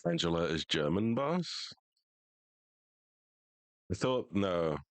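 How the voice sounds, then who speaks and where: A man's voice: low-pitched, sing-song, slow, no room sound. A young American man streaming a game, chatting casually in profane, joking banter. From United States. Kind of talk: casual live gaming chat.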